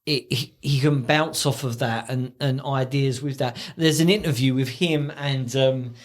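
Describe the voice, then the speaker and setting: A man co-hosting a casual podcast chat, telling stories animatedly and acting out quotes in a high voice. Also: fairly even intonation, measured pace. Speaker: podcast co-host.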